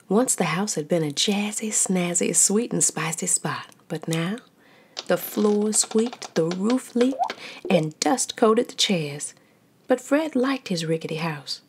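Slow, lively storyteller woman. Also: medium pitch, husky. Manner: expressive, sound-effect rich. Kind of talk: read-aloud storybook narration.

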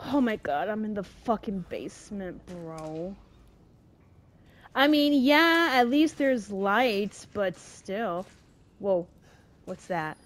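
A woman's voice: medium pitch, sing-song, slow. A young adult woman commenting on a horror game as she plays, swearing often and reacting dramatically to every scare. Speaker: let's play gamer.

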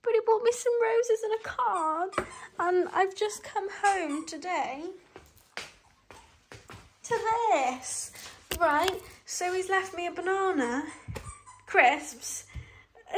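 A woman's voice: very high voice, takes it slowly, pauses often, slight background noise. A young British woman in her twenties, talking casually to her phone camera at home in a bathroom, in a chatty, gushing way. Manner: chatty, gushing, easily moved. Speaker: vlogger. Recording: echoey small tiled room.

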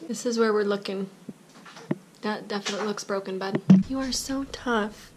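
A woman's voice: medium pitch, moderate pace. A woman in her thirties vlogging casually as a mother, reassuring and chatty with her children. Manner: warm, reassuring with her kids. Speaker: vlogger mom. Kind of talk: casual vlog chat. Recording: noisy home video.

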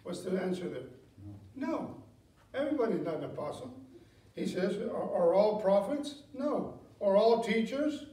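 A man's voice: sits high, expressive, moderate pace, mellow. Guy preaching in church, chatty, laughs a lot, echoey hall sound. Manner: conversational preaching, reads scripture aloud, asks the congregation questions; chuckles often, many fillers and self-corrections. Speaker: pastor. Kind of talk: sermon. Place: church sanctuary. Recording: echoey room, voice from a distance.

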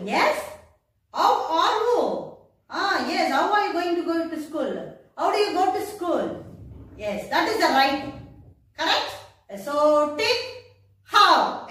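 An Indian woman teacher with a very high voice that swings up and down as she talks children through an English lesson. She goes slowly and spells words out letter by letter. She sounds set back from the mic in a strongly echoing room. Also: a bit bright. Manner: slow, sing-song teacher talk, spelling words out letter by letter. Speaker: primary school English teacher. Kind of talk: recorded online class. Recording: echoey room, voice from a distance.

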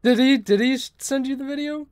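A young man with a high, bright-sounding voice talks excitedly over a game, laughing often. His voice is recorded close and dry with no room sound. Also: brisk, smooth, dry recording. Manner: giggly, excitable, frequent laughter. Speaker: gaming video host. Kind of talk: casual gaming chat.

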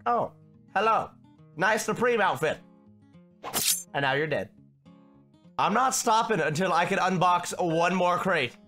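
A young man giving excitable, shouty commentary while playing a video game. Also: high voice, a little slow, pauses often, faint music behind. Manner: shouty, reactive, frequent outbursts. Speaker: gaming video host.

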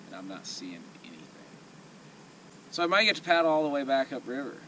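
A man's voice: medium pitch, very animated, fairly quick, bright, forceful tone. A man filming himself while kayak fishing, chatting casually in a laid-back, rambling, self-deprecating way. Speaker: fishing vlogger. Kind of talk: casual self-filmed talk to camera. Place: outdoors on a river, kayak and sandbar. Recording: outdoor recording with noticeable river noise. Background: water and outdoor ambience.

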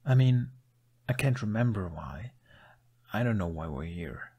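A man's voice: lowish voice, lively intonation, unhurried, darkish tone, breathy edge. Man voicing a wary, defiant teenage boy. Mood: nervous. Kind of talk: audiobook fan fiction reading.

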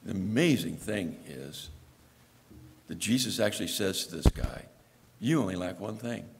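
A man's voice: low voice, moderate pace, gravelly, long reverb tail, a little hiss or hum. A male pastor preaching a sermon in a conversational storytelling manner, acting out the lines he quotes. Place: church.

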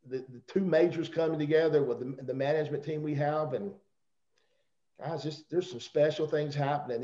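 A man's voice: a little high, dark tone. A middle-aged man with a Southern accent giving a rambling, joking motivational talk on a video call. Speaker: guest speaker on a company call. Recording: roomy, dull video call audio.

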